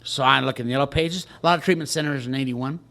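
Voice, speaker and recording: A man's voice: medium pitch, fast talker, bright, forceful tone. An older man from Texas, telling his personal recovery story to a group in a wry, self-mocking way. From Texas, USA. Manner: wry, joking storyteller who laughs at himself. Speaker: recovery speaker at a retreat.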